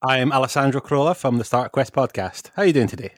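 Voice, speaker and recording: A man's voice: medium pitch, animated, fast, dry recording, clean studio sound. A Scottish man from Scotland, a guest on a gaming podcast, talking in an easygoing, rambling way. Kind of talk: casual podcast chat.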